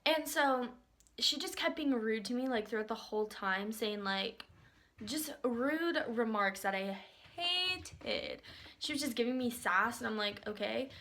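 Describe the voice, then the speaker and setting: Bright, chatty young woman telling a story. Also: sing-song, a little slow. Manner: chatty, lots of filler "like"; acts out other people's lines with big pitch jumps. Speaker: vlogger.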